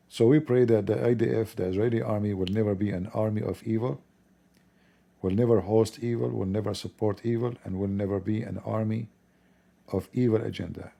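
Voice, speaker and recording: Hoarse, gravelly male commentator. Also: fairly low pitch, mellow. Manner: chuckling, rambling, mocking asides. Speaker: online commentator. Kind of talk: casual spoken commentary.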